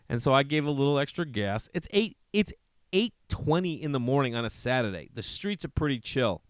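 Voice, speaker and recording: Fairly quick and without echo, a man hosts a podcast full of rambling comedic stories and plenty of swearing. When he quotes other people, he acts out their lines animatedly in a higher voice.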